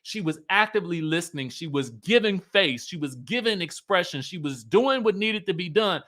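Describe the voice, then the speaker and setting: A chatty man gives a casual commentary recapping a reality show. His voice sits high and sounds bright and forceful. He is animated throughout and keeps acting out the quotes. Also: moderate pace. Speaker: YouTube host.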